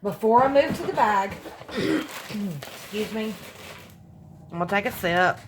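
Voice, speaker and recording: In this casual unboxing chat, a woman opens a gift package at home at night, speaking slowly at a medium pitch with slight background noise. She's excitable and gushing, letting out gasps and exclamations and calling her viewers "y'all."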